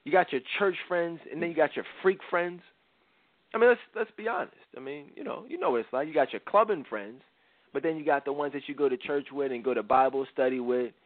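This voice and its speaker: A man's voice: on the high side, expressive, fairly quick, dry recording. A man hosting a talk show, retelling a Bible story in casual slang and acting out the quotes. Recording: dry, phone-like radio sound.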